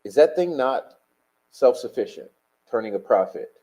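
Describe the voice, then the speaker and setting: A man's voice: mid-range voice, expressive, normal speed, warm tone, low-quality recording. A man hosting a live stream, reading chat and talking bluntly, combative and profane.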